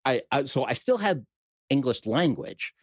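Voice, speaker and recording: A man's voice: mid-range voice, big pitch swings, moderate pace, slightly rough, no echo, clean studio sound. A middle-aged man with a New York accent, a podcast guest telling a personal story in casual conversation, with wry humor and frequent restarts.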